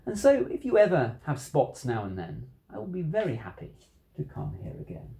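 Storybook cat in a hat, put on by a reader, boastful trickster, singsong rhymes, swooping pitch, mellow tone. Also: wildly swooping pitch, normal speed, creaky, reverberant. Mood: cheerful. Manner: singsong rhyming delivery.

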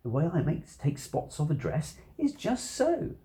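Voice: mid-range voice, wildly swooping pitch, a little slow, dark tone. A storybook reader voicing a mischievous cat in a tall hat, playful and breezy in a sing-song manner. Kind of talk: storybook reading.

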